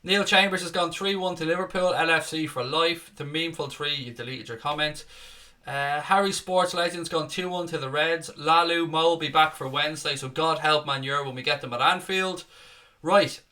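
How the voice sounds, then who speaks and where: A man's voice: fairly high pitch, moderate pace, bright, forceful tone. A man hosting a casual live stream, chatting, swearing freely and reading out viewer comments.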